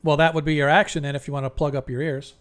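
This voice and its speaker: A man's voice: a little high, level tone, racing, a bit bright. A man running an online tabletop game as game master, casual and hesitant, often laughing.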